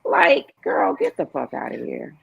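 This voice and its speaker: A woman's voice: a bass voice, huge pitch swings, unhurried, vocal fry, background noise. A woman in casual chat, emphatic and profane, heard over a dull, muffled line.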